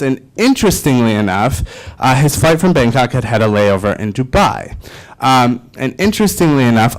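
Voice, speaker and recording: Young man, keynote speaker, storytelling, filler-heavy, animated, self-deprecating. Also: mid-range voice, rough recording. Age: 20s. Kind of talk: personal storytelling speech.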